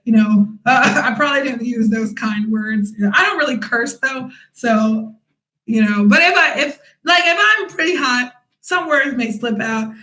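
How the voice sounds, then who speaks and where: A young woman vlogging, telling a story casually with lively, animated quoting and frequent laughs. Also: on the high side, normal speed. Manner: animated, acts out quotes loudly with laughs. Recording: echoey room.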